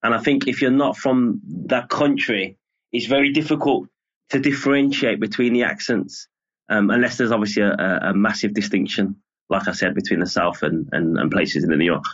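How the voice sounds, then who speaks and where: A journalist from Birmingham, England, with a Birmingham accent, talking as a guest in a relaxed, measured way. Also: male voice, fairly low pitch. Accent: Birmingham English. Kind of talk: casual interview. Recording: lo-fi muffled audio.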